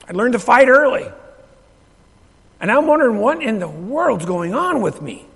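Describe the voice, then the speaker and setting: High, gravelly preacher in a hall. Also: male voice, very animated, moderate pace, long pauses. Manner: swings from loud emphatic preaching to hushed near-whisper; asks the congregation questions, repeats phrases. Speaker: pastor. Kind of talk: sermon. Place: church sanctuary. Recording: reverberant church hall.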